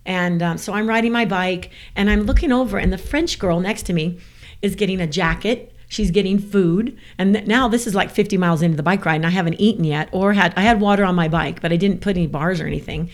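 A woman from the American South, a guest telling a story in casual chat, animated and laughing often. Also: fairly low pitch, fast talker.

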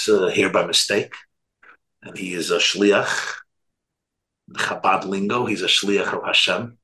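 A man's voice: sits low, bright, forceful tone, poor audio. A man, a rabbi, giving an earnest storytelling talk that retells anecdotes.

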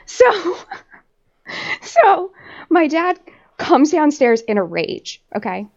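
A woman podcast host tells a story in casual chat, laughing often and swearing freely as she rambles through fillers. Her voice sits a little high and comes through dull, lo-fi audio. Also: sing-song, drawn-out words. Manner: laughs often while telling.

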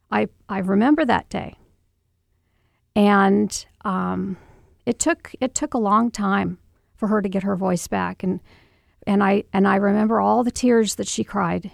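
A middle-aged mother in an interview, recounting a painful memory in a halting, emotional way with many restarts. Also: mid-range voice, gravelly, no echo, studio quality. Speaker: guest, mother. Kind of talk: personal storytelling interview.

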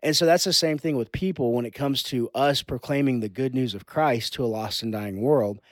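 A man working as a youth pastor talks earnestly in a relaxed conversation, sometimes slipping into a preaching cadence. His voice sits at a middle pitch and the sound is dry and close, with no room echo. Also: normal speed. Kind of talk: casual conversation.

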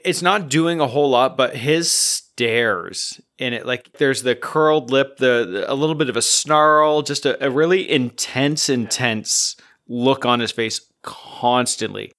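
Man, from canada, podcast co-host, average pitch, casual rambling chat. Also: unhurried, fairly bright tone. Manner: chatty, frequent "like" fillers.

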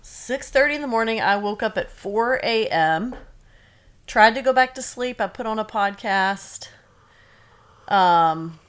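A woman co-hosting a podcast from her bedroom, chatting and telling stories in an easygoing way. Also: medium pitch. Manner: chatty, storytelling. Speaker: podcast co-host. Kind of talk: casual chat. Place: bedroom at home.

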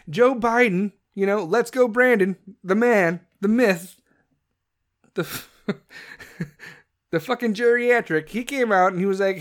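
A man's voice: very high-pitched, expressive, moderate pace, fairly bright tone. A man from the United States hosting a solo podcast, ranting in a rambling, profane and opinionated way. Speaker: podcast host.

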